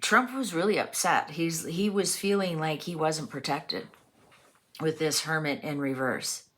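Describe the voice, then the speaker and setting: A woman with a notably low voice reads tarot cards aloud in a loose, chatty way. She muses as she goes and leans on fillers between the card names. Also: a little slow. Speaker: tarot reader. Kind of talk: casual tarot reading monologue.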